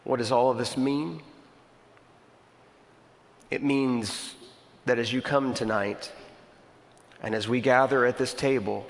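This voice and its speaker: A man preaching a sermon, telling stories and slowing right down to stress key words. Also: mid-range voice, fairly even intonation, vocal fry. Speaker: pastor. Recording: long hall reverb.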